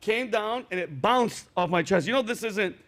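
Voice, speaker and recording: A man hosting a comedy chat show, telling stories with animated delivery and acting out voices. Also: high voice, normal speed. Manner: animated storytelling, acts out voices.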